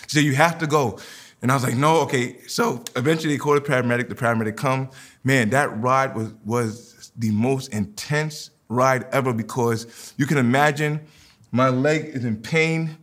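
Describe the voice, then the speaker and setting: A man preaching a sermon, leading communion and then telling a personal story with lively quoted dialogue. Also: medium pitch, moderate pace. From New York. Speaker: pastor.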